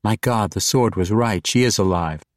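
A man's voice: on the low side, moderate pace, no echo, clean studio sound, distant mic, close to an everyday voice. A man voicing a determined human woman priestess who speaks directly and plainly.

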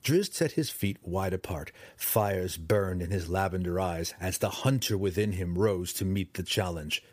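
A man narrating a fantasy audiobook in a dramatic, expressive reading style, close to the mic. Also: deep voice, measured pace, no room sound.

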